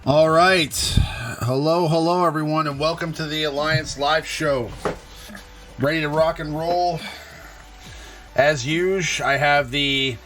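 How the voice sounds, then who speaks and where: A man hosting a live online show in casual chat, halting often with fillers and restarts. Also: on the high side, steady tone, a bit bright, soft background music. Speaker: host of a live game stream show.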